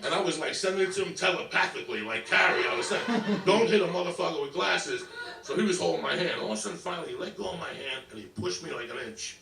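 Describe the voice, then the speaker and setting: Gravelly brash New storyteller. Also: male voice, a little high, quick pace, few pauses, far from the mic, crowd noise. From New York. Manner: brash, swearing constantly, animated. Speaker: stand-up comedian. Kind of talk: profane comedic storytelling. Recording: echoey clip picked up from afar.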